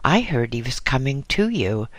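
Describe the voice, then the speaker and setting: A man voicing a short, very fat male monk messenger who is chatty and wheezy, in a high-pitched voice. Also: sing-song, moderate pace, no room sound, lightly acted. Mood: gossipy.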